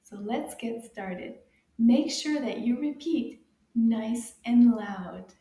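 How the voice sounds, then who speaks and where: A woman's voice: a little high, slow pace. Cheerful woman teaching kids French, roomy. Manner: cheerful, coaxing, repeats words loudly for kids to echo. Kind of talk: children's language lesson.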